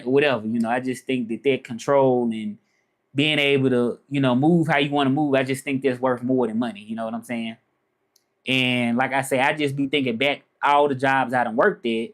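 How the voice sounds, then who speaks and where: A man chatting casually on a live stream, relaxed and rambling, often asking "you know what I'm saying". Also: medium pitch.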